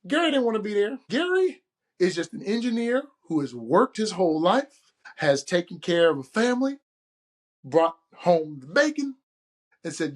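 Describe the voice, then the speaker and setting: An animated man tells a travel story in a relaxed monologue. His voice sits a touch higher than most men's, and he acts out the people he quotes with shifting voices. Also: normal speed. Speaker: podcast host.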